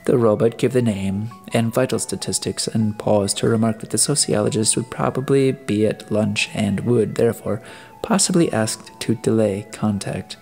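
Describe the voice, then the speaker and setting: A man with a fairly low voice narrates an audiobook. His reading is deliberate, with the odd restart of a phrase. Faint music plays quietly underneath. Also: vocal fry. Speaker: audiobook reader.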